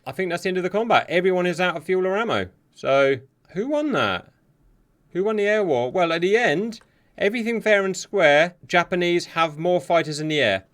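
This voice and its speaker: A man commentating on a simulated air and sea battle, excitable and sarcastic, talking straight to his viewers. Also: high-pitched, brisk. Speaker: war game commentator. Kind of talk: live gameplay commentary. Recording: steady hiss behind the voice.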